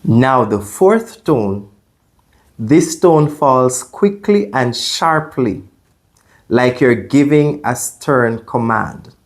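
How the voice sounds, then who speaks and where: Male language tutor, mid-pitched, very unhurried; patient and clear, modeling sounds for beginners. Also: expressive. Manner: patient, demonstrates sounds with repetition. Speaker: Chinese language teacher.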